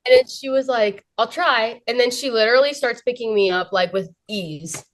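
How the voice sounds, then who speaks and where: A young woman, a guest on an interview show, excitedly telling a story and filling her sentences with "like" and "literally". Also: a little high, moderate pace. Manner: breathless, fills every phrase with "like" and "literally".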